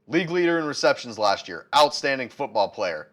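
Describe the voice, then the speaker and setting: A man's voice: medium pitch, a little fast. A man co-hosting a sports talk show, ranting with heat and a scratchy throat. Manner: animated, heated rants. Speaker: sports podcast co-host.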